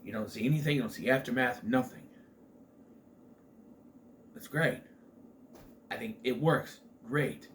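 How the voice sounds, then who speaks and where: A man of medium pitch talks through a film review in a loose, chatty way, full of fillers and restarted sentences. A faint noise sits under his voice. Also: measured pace, pauses often. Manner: rambling, with many fillers and restarts. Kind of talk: casual spoken movie review.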